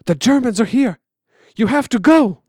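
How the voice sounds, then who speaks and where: A man voicing a panicked old village man who shouts urgent warnings. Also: very high-pitched, animated, moderate pace, no echo, studio quality, voice pushed up. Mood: alarmed.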